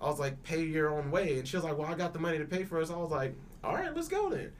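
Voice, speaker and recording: A young man with a slightly high voice, telling an animated story on a casual podcast. He laughs often, swears freely, stumbles over repeated words and voices everyone's lines himself, with a faint hiss of noise behind him. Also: rapid-fire. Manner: acts out both sides of quoted dialogue. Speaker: podcast panelist.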